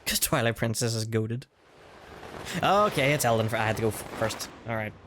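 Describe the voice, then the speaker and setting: Fast-talking male game streamer. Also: on the low side, background noise. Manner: fast, rambling, laughs often. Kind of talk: casual gaming livestream commentary. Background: game music.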